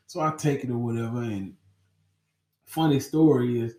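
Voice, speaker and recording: A man hosting a podcast, telling a story in a casual, slangy and profane way, acting out his own panicked younger self in a high voice. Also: moderate pace. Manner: animated, acts out his own panicked past voice in a high pitch. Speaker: podcast host. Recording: roomy echo.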